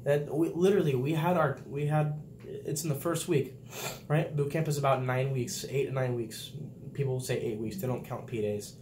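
A young man who is a Navy sailor, chatting casually and telling boot camp stories with lively, laughing delivery. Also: mid-range voice, normal speed, a little hiss or hum. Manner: animated storytelling, laughs often, acts out quotes loudly. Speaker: vlog host, Navy sailor. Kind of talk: casual chat.

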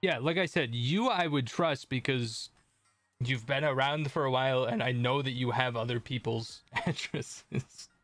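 A man's voice: medium pitch, a little slow, a bit bright, no echo, faint music behind. A man streaming a video game, chatting casually with viewers in a rambling, self-deprecating way and swearing at the game. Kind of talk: casual gameplay commentary.

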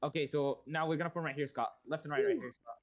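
A man's voice: fairly high pitch, quick pace. A man in game voice chat directing other players and repeating himself as he goes.

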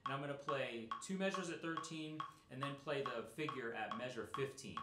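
A middle-aged man teaching snare drum in a relaxed, explanatory way, with many fillers. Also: mid-range voice, fairly quick, echoey room, very noisy. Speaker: percussion teacher. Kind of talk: instructional talk.

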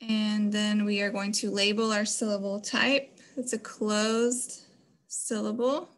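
A woman's voice: medium pitch, little pitch movement, slow. A woman teaching a phonics lesson to children, explaining patiently step by step.

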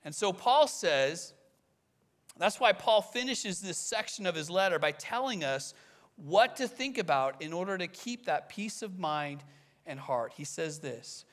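A man preaching a sermon as pastor, animated and acting out quoted voices. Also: high-pitched, measured pace.

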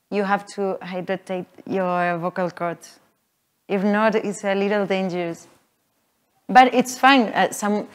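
A woman teaching a voice workshop to a live group, explaining in a halting way with many fillers. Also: medium pitch. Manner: halting, filler-heavy explaining, with frequent laughs. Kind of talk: live teaching talk with sung demonstrations. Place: workshop room with an audience.

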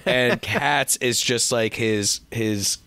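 A man co-hosting a podcast in casual chat, ranting in an animated, profane way with frequent restarts. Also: medium pitch, slow pace, clean tone, no echo. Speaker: podcast co-host.

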